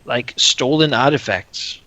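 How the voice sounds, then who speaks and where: A man playing in a tabletop game, joking in a mock-solemn, deadpan way. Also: medium pitch, takes it slowly, no room sound, low-quality recording. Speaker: player. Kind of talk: casual chat at a game table.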